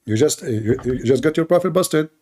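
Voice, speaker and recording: A man's voice: fairly high pitch, lively intonation, normal speed, darkish tone. A man hosting a call-in debate stream, arguing with callers in a mocking, sarcastic way and stumbling over repeated words. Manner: mocking, sarcastic, repeats himself with stammered restarts.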